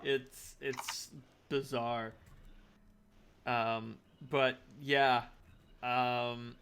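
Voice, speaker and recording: A man narrating a tabletop game as game master, halting with many fillers and restarts. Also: medium pitch, little pitch movement, fairly bright tone, slight background noise.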